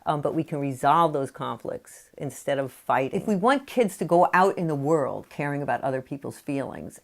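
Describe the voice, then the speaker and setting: A woman with a low-pitched voice talks through parenting advice in an easy, conversational way. She leans on "you know" often and slips into quick acted-out snippets of what parents say to their children. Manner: conversational, many "you know" fillers, acts out parent quotes. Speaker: parenting author. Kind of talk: explanatory talk to camera.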